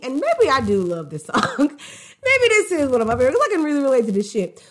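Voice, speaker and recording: A woman's voice: high-pitched, very animated, a little fast. A woman hosting her own show, talking through a song's meaning in casual, candid commentary. She swears freely, speaks emphatically, and often restarts mid-thought to question herself. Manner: reflective, with restarts and self-questioning. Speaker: host analyzing a song.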